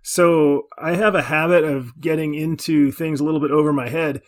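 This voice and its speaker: A man co-hosting a casual podcast chat, relaxed and easygoing. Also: on the high side, moderate pace. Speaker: podcast co-host.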